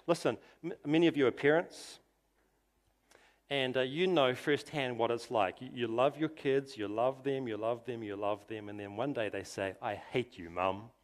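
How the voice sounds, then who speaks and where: Slow, animated man preaching a sermon. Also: a little high. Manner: emphatic, rhetorical questions, drops to soft quiet tones for emphasis. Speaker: pastor.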